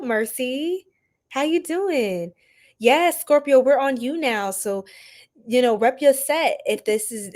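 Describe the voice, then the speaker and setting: A young adult woman hosting a tarot reading livestream, chatting casually with viewers in an animated, slangy way and laughing often. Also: mid-range voice. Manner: animated, laughing, preachy slang-filled asides. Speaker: tarot reader livestream host.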